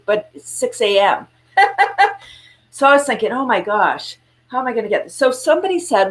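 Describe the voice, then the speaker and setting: A woman speaks at medium pitch, a little fast, as a guest entrepreneur in a casual interview over video call. She's an animated storyteller who acts out quotes and laughs along.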